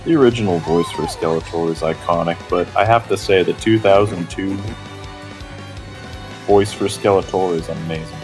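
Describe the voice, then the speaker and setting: Deep-voiced man giving game tips. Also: normal speed, music in the background. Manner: chatty, gives game tips, laughs often. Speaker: co-commentator. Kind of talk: casual gameplay chat.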